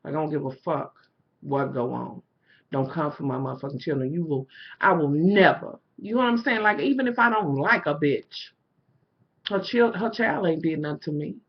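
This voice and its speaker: A woman's voice: deep voice, moderate pace, husky, muffled recording. A middle-aged woman vlogging, ranting candidly to her viewers, swearing freely and saying "you know" often. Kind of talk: casual rant to viewers.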